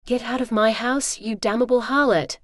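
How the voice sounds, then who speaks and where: Synthetic female reader: pompous melodrama gentleman, shouting, dry recording. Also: extremely high pitch, fairly even intonation, moderate pace, no echo. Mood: theatrical. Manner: shouting theatrical insults. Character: blustering melodrama stage gentleman.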